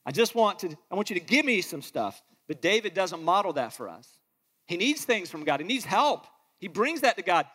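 A man's voice: high-pitched, very animated, a little fast, a bit bright, breathy edge. A man preaching a sermon with passion, reading scripture aloud and acting out the voices he quotes. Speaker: pastor. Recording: long reverb of a large hall.

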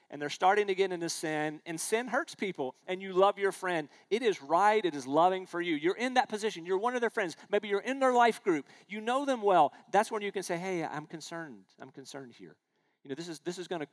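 High-voiced man preaching a conversational sermon. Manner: conversational preaching with rhetorical questions and personal anecdotes. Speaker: pastor.

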